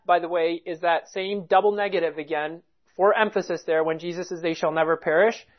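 Preacher, expository sermon, emphatic and repetitive, mid pitch, muffled lo-fi sound. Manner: emphatic, repeats key points and reads scripture aloud. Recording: dull lo-fi recording.

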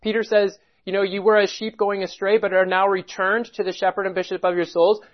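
A man's voice: high voice, flat delivery, fairly quick, lo-fi sound. A man preaching a sermon, earnest, quoting scripture in old-style English. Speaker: pastor.

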